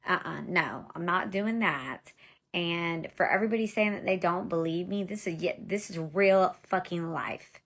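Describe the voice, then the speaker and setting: Blunt, gravelly-voiced woman telling a story. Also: fairly low pitch, moderate pace, a bit bright. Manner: blunt, profane, exasperated storytelling; addresses viewers directly as y'all. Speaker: vlogger telling her own story. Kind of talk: casual storytime monologue.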